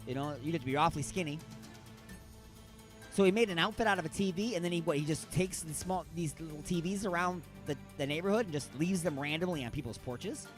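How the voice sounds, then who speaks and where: A man's voice: fairly high pitch, fast talker, faint music behind. A man hosting a radio show, riffing on odd news stories in a rambling, mock-outraged way.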